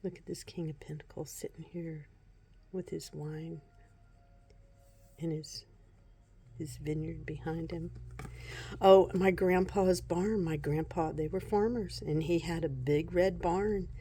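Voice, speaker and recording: A woman vlogging casually at home about her tarot decks, soft-spoken and unhurried, often breaking into giggles. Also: sits low, steady tone, slight background noise. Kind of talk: casual show-and-tell vlog.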